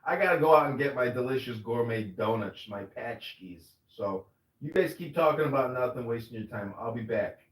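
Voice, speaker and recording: A man's voice: medium pitch, expressive, a little fast. A man hosting a crude, sarcastic casual chat on a social audio app. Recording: roomy, distant app audio.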